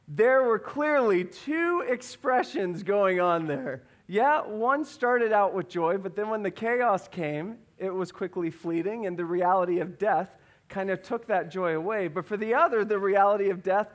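Animated high-voiced male pastor. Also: a little slow. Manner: animated, acts out voices in his story. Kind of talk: sermon with personal story.

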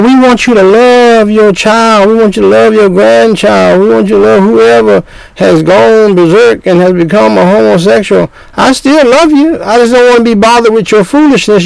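A man's voice: sits high, creaky, clean tone, no room sound, rough recording. An older man preaching a sermon, scolding his listeners with repeated points and rhetorical questions.

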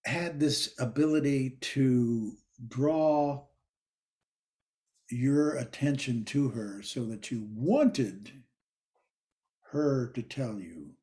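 An older man telling stories about a former teacher, rambling with many restarts and laughs, and sometimes acting out quoted lines loudly. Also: medium pitch. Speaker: interviewee recalling a former teacher. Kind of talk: anecdotal reminiscence.

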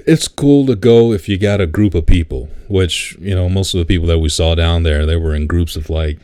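A man's voice: deep voice, fairly quick, dark tone, dry recording, studio quality. A man co-hosting a podcast, telling stories in a laid-back, casual way, swearing and laughing often. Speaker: podcast co-host. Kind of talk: casual chat.

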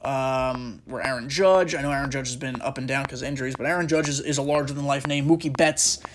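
Talking fast in an even, mid-range voice, this podcast host speculates casually as he plays a baseball video game. His commentary rambles and keeps interrupting itself, packed with fillers, over slight background noise.

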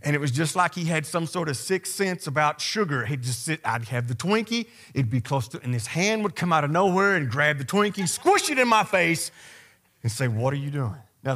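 A man's voice: on the high side, bright, forceful tone. A man preaching a sermon as pastor, speaking in a conversational yet emphatic way and addressing the congregation directly.

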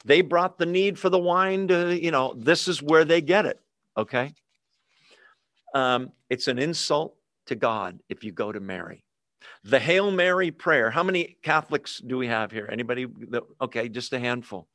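A man preaching a sermon, animated and teasing, asking rhetorical questions and acting out quotes. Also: mid-range voice, a little slow, no room sound, studio quality.

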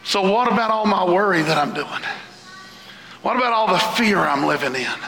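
A male pastor delivers a fervent sermon in a high, gravelly voice, breaking into shouted lists. The sound carries the long reverb of a large church hall. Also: expressive, normal speed, a little hiss or hum. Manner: fervent preaching with shouted lists and sudden pitch leaps. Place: church sanctuary. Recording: echoey hall.

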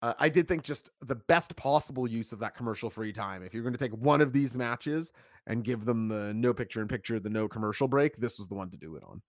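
Man, stream co-host, casual chat, animated, mid pitch, dry close sound. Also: brisk, dry recording. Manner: animated, chatty, reads chat aloud. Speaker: co-host of a wrestling review stream.

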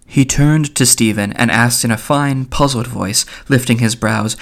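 A man reading literary fiction aloud as an audiobook, in a measured way with small slips. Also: medium pitch, creaky. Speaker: audiobook reader.

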